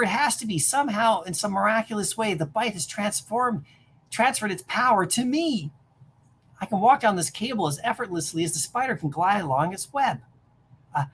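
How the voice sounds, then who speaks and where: A woman's voice: mid-range voice, a little hiss or hum, close to an everyday voice. A woman doing a wide-eyed teenage boy. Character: shy teenage boy, amazed by new powers.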